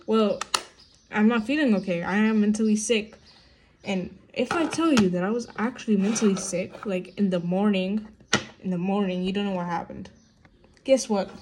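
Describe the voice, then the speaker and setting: This young vlogger is at home recording a casual get-ready-with-me video, airing her frustrations in a meandering way full of fillers such as "like" and "you know." Her mid-range voice sounds mellow.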